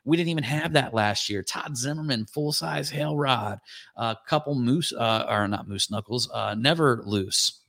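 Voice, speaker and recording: A man hosting a casual chat, talking excitedly and rambling through long lists of names. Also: medium pitch, normal speed, vocal fry, dry recording, clean studio sound. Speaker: podcast host.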